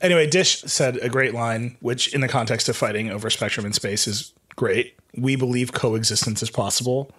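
A man's voice: medium pitch, fairly bright tone, slightly rough. A man hosting a podcast, chatting casually and jokingly about a tech story, with lots of "like" fillers. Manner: quick, jokey, filler-heavy. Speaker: podcast host.

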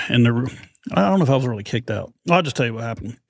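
A man's voice: medium pitch, lively intonation, quick pace, creaky, husky, dry recording, studio quality. A middle-aged American man, a podcast host being interviewed, telling a rambling, self-deprecating story and acting out the voices of others. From United States.

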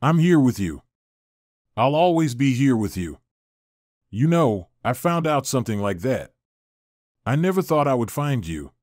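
A man's voice: medium pitch, sing-song, measured pace, pauses often, a little mellow, no echo, studio quality. A man voicing a tender older grandmother who speaks in an emotional way, holding back tears.

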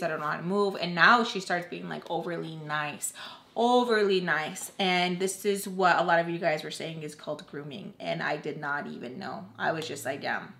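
A woman's voice: on the low side, pushed and bright. Young woman doing a storytime vlog, says like a ton, candid, chops off her swears. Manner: rambling, fills with "like" constantly; candid, emphatic, cuts off swears. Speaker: YouTube storyteller. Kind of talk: casual storytime.

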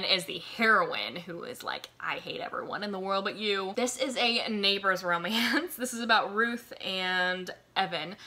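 Young woman in her early twenties, book chat host, low pitched but bright and forceful, rambling and laughing. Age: 22, college student. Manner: rambling, lots of "like" and "um", frequent laughs. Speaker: book reviewer. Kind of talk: casual chatty book recommendations.

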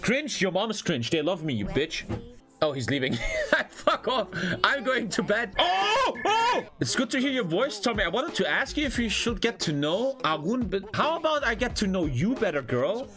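Excitable young man streaming a game. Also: moderate pace. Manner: swings from shouting to mumbled low asides. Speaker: streamer playing a life-simulation game. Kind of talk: loud crude gaming commentary to chat. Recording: game music underneath.

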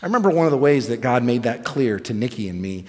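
A middle-aged male pastor telling a story in a sermon, animated and self-deprecating. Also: medium pitch, fast talker, long reverb tail. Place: church sanctuary.

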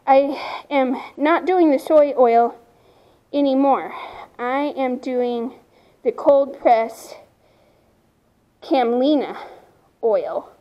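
A woman's voice: high voice, mellow, highs cut off. A woman casually talking to camera outdoors at her farm, chatting about her horse and now and then speaking to her animals. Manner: chatty, talks to her animals between remarks. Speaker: horse owner vlogger. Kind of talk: casual outdoor vlog talk.

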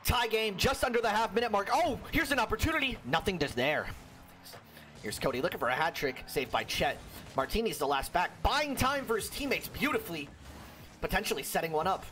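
A young man giving solo play-by-play commentary on a video game match, excitable and jokey, with a worn-out voice. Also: high-pitched, brisk, soft background music. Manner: excitable, jokey, frequent exclamations. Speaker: esports caster.

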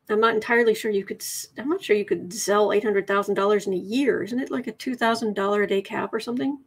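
Speaking in a mid-range voice, a woman hosts a casual tarot livestream. She reads viewer comments aloud and chats in a rambling way, often correcting herself.

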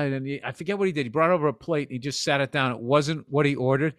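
A man's voice: mid-range voice, racing, hardly any pauses, dry recording, studio quality. A man in his fifties telling profane, rambling stories as a podcast co-host, now and then slipping into voices. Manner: profane storytelling, jumps into voices. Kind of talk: casual chat.

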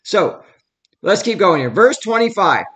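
A man's voice: high-pitched, sing-song, a little slow, a bit bright. A man giving a casual, conversational Bible study at home, explaining a passage and reading verses aloud with emphasis.

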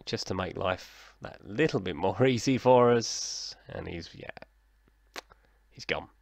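Male gaming commentator: low gravelly voice, dry close mic, chatty and self-mocking. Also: slow, a little mellow, no echo. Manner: chatty, self-deprecating, mock commentator, talking to himself. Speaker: gaming YouTuber. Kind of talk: casual let's-play commentary.

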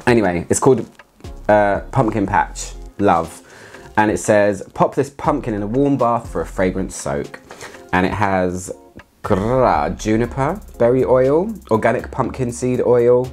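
A man chatting casually through a product review, excitable and laughing often as he talks. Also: fairly low pitch, a little slow, faint music behind. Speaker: fragrance reviewer.

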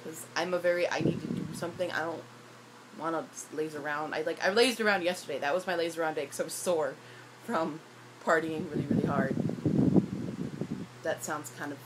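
A young woman rants into her phone in a rambling, self-deprecating way, her voice worn hoarse from a night of shouting. She speaks on the low side for a woman, and heavy noise sits under the recording. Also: brisk. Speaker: YouTuber. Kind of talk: casual vlog rant. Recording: loud background noise.

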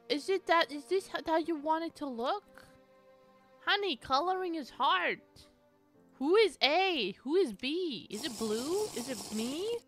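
A high, bright woman's voice that leaps all over the place, talking unhurriedly through a casual game stream. She gets excitable and swears freely while greeting her chat, with faint game music underneath. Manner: excitable, swears often, reads chat aloud. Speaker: live streamer.

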